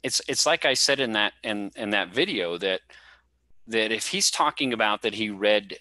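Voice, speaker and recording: Deep-voiced man hosting a late chat. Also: lively intonation, moderate pace, pushed and bright, no echo, low-quality recording. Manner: rambling, many fillers and restarts. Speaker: podcast host. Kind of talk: casual late-night chat.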